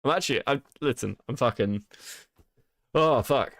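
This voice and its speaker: A man's voice: medium pitch, moderate pace, a bit bright, no echo, studio quality. A male stream host giving heated commentary, exasperated and swearing often. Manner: exasperated, profane ranting.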